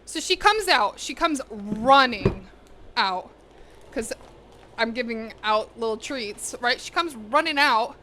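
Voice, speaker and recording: A woman's voice: a little high, lively intonation, slow pace, sharp tone, a little hiss or hum. A young woman casually chatting with her live chat while she cooks in her home kitchen. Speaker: cooking streamer.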